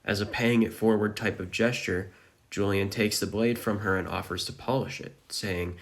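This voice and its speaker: A man's voice: deep voice, fairly even intonation, moderate pace, vocal fry, a bit bright. A man narrating a dramatic recap of a manga chapter.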